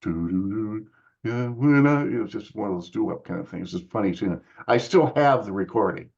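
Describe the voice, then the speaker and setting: Older man telling a lively story. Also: fairly quick, gravelly, husky, highs cut off. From United States. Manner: animated storyteller, acts out others' lines in higher voices. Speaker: musician guest. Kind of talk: casual storytelling interview.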